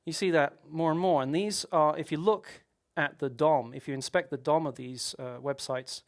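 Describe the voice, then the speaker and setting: A man's voice: fairly high pitch, fairly even intonation, normal speed. A man giving a technical conference talk, explaining at length with rhetorical questions and frequent restarts. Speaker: conference speaker.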